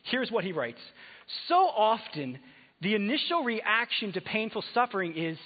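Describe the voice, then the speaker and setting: A male pastor preaching a sermon in a conversational way, moving between soft, reflective passages and emphatic exhortation, in a large church hall. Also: sits high, sing-song, moderate pace. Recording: phone-like sound in a hall with long reverb.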